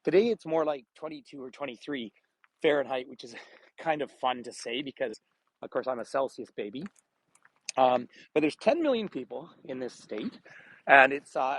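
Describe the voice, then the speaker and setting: A man with a medium-pitched, slightly rough voice guides a live walking-tour vlog near a frozen bay. Filmed on a gimbal-steadied phone with low-quality sound, he chats, laughs frequently and greets viewers by name.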